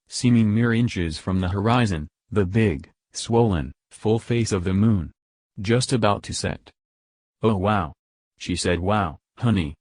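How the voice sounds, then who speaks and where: Calm low-voiced male storyteller. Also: dry recording. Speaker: story narrator. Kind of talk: scripted narration.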